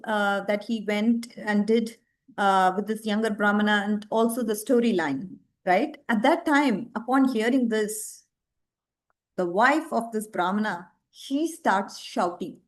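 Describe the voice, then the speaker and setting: A woman telling a devotional story as a lecture, expressive and asking her listeners rhetorical questions. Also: on the high side.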